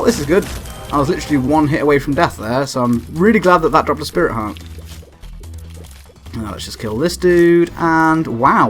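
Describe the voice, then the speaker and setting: A young man giving let's play commentary, excitable, swearing and yelping at the game when frustrated. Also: medium pitch. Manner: swears and laughs often. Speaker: gameplay commentator.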